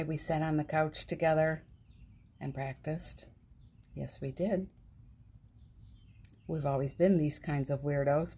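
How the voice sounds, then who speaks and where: Soft husky-voiced woman hosting a live stream. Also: deep voice. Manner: gentle, affectionate and uplifting, greets viewers by name; laughs often, speaks softly. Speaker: host of a morning live stream. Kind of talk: casual live-stream chat to viewers. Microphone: phone.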